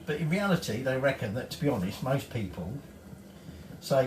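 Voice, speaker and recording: Northern English home cook, middle-aged man, lively sing-song delivery, off-mic in an echoey kitchen, loose and sweary. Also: mid-range voice, brisk, distant mic, a little hiss or hum. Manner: chatty, swears casually. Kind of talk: casual cooking tutorial.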